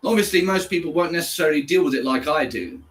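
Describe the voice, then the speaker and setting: A man's voice: on the high side, expressive, quick pace, a bit bright. An English man chats casually on a live stream. He answers viewers one by one and calls them by name. He talks in an easy, conversational way. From England. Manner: chatty, answers viewers by name, switches into German. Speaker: livestreamer reading chat.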